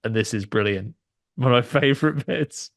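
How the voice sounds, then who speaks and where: Gravelly man, chatty podcast recap. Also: medium pitch, normal speed, no room sound, studio quality. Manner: rambling, animated retelling with frequent restarts. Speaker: podcast co-host. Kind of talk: casual chat recapping a film.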